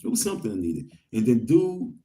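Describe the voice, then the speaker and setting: A man's voice: mid-range voice, sing-song, fairly quick, mellow, slight background noise. A man from Queens, rambling through a story in street slang and reading viewer comments to his audience. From Queens, New York. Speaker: vlogger.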